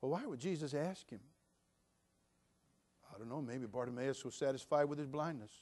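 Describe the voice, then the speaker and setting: A man preaching a sermon, dropping to a hush and then building to loud, fervent shouts. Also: mid-range voice, normal speed. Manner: dynamic preaching, swinging from hushed to shouting. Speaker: pastor.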